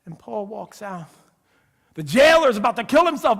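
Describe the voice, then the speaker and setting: A man with a high voice preaching to his congregation in a church sanctuary. He tells the story casually, dropping to near-whispers and then rising to loud, excited passages, with a long echo from the hall. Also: a little slow, creaky, husky. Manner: conversational storytelling, acts out voices with big swings from hushed to loud. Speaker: pastor. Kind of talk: sermon.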